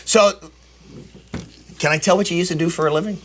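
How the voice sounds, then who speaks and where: A man hosting a local TV talk show, chatting casually with jokey quick remarks. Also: sits high, steady tone, fairly bright tone. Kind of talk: casual chat. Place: TV studio. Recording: noisy studio recording.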